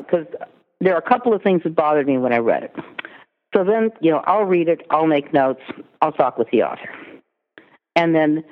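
A woman, a literary agent, talking through her work in a chatty interview, full of "you know" and "I mean". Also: low-pitched. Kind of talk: casual interview talk. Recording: tinny phone line with long reverb.

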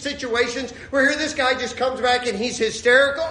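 A man's voice: very high-pitched, brisk, hardly any pauses. A man, preaching a humorous sermon with stories and acting out the voices of the people in them. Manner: animated, acts out voices of people in his stories. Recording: echoey room with faint ambience.

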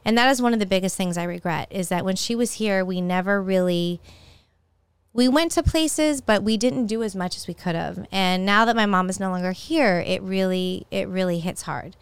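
A woman's voice: mid-range voice, normal speed, smooth, no room sound. A middle-aged woman hosting a solo podcast, talking in a candid, personal, conversational way. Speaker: podcast host.

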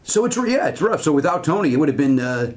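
A man in his fifties, a comedian guest, talking in a fast, animated, run-on way on a podcast. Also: on the high side. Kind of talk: casual podcast chat.

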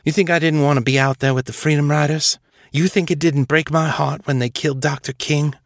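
A man reading the lines of a quiet, stoic male officer in a guarded, low-key way. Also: steady tone, fairly quick, dry recording, clean studio sound, close to an everyday voice. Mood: earnest.

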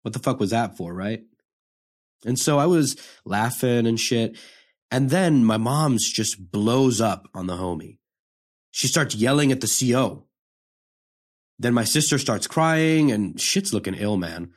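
A man's voice: medium pitch, animated, a little slow. An actor playing a hardened young male prisoner, delivering a profane, confrontational dramatic monologue. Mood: bitter. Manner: profane, confrontational street talk.

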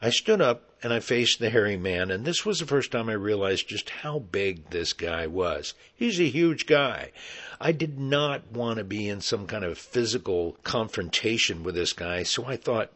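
A middle-aged man, an actor, telling a personal story in an animated, conversational way. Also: lowish voice, normal speed.

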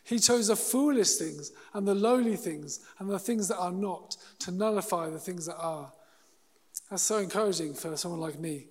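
A man preaching a sermon in an earnest, halting way, often restarting his sentences. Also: high voice, a little mellow, in a large hall. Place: church hall.

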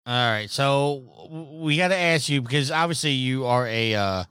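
Animated, teasing male podcast host. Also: mid-range voice, normal speed, clean tone, no room sound, clean studio sound. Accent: New York. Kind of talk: casual gaming podcast chat.

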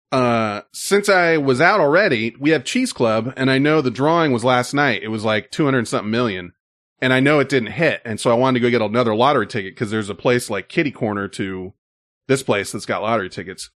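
A man's voice: medium pitch, animated, fairly quick, a bit bright, no echo, studio quality. Rambling man in casual chat. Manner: rambling storyteller, many fillers.

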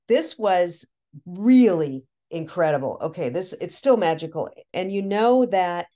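A woman guest on a podcast, telling a long personal story in animated, excited bursts with many restarts. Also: fairly low pitch, unhurried. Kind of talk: casual storytelling.

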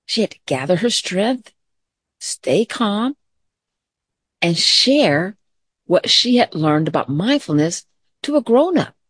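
A middle-aged woman teacher giving a gentle, calm mindfulness lesson to children, mixing story time with questions to the class. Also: medium pitch, slow, pauses often, slightly rough, no echo, clean studio sound.

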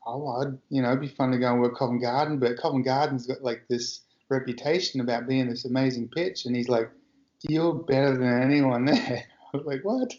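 A man's voice: mid-range voice, fairly even intonation, a little fast, a little mellow. A man hosting a casual interview, nudging with short affirmations and questions. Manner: encouraging, lots of short affirmations. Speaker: interviewer, host. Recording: roomy, muffled recording.

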